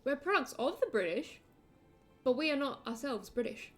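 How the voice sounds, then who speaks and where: An Australian woman streaming a game, chatting casually in an excitable, rambling way. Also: high-pitched, moderate pace, soft background music. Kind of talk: casual chat while gaming.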